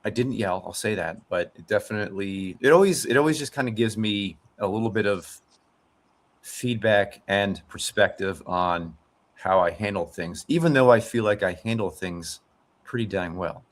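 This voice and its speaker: Low-voiced dad musing on a podcast. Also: male voice, normal speed. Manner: rambling, many fillers and restarts, reflective. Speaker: podcast host. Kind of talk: casual chat.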